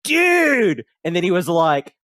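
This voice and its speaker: A man's voice: high-pitched, huge pitch swings, slow, sharp tone, no echo, clean studio sound, voice pushed up, full character voice. A man voicing a laid-back stoner elf man who drawls surfer slang and keeps saying dude. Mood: mellow.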